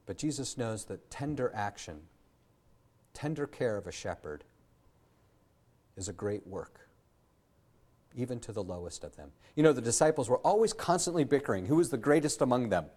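A man preaching an earnest sermon as a pastor, often pausing with fillers and restarting his sentences. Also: medium pitch, expressive, darkish tone.

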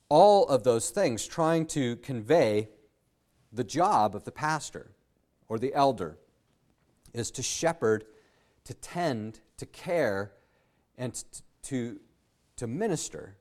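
Male pastor, mid-pitched voice, earnest teaching sermon, halting with fillers, pushes to emphatic peaks. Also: expressive, a little mellow. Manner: halting with frequent fillers and restarts.

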